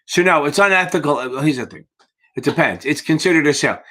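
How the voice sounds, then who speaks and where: A man speaks fast in a highish voice with a bright, forceful tone while casually teaching on a live Q&A stream. Preparing students for securities exams, he's blunt, profane, yawning from tiredness, and calls viewers baby.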